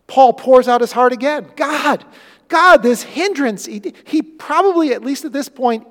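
A male pastor preaching a sermon, telling stories earnestly and swinging from loud bursts to quiet moments. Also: high voice, big-room sound.

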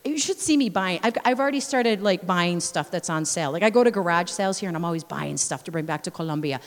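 A woman's voice: lowish voice, fast talker. A woman missionary giving a sermon full of personal stories, acting out scenes and exclaiming praise. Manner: lively storyteller, acts out scenes, exclaims praise. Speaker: missionary speaker. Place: church sanctuary. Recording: long reverb of a large church hall.

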